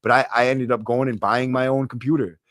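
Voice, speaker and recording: A man's voice: medium pitch, little pitch movement, a little fast, a bit bright, no echo. A young Boston man talks straight into a close, dry podcast mic, brash and loose. He swears freely and throws in streetwise slang as he answers his viewers. His voice sits in an ordinary middle range. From Massachusetts. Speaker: livestream podcast host. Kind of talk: casual livestream chat reading comments.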